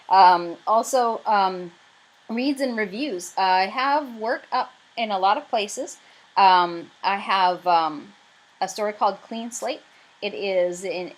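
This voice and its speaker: A woman's voice: mid-range voice, poor audio. A woman with a Canadian accent talking casually to camera about her writing campaign, chatty and rambling with lots of fillers. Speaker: writer pitching her crowdfunding campaign.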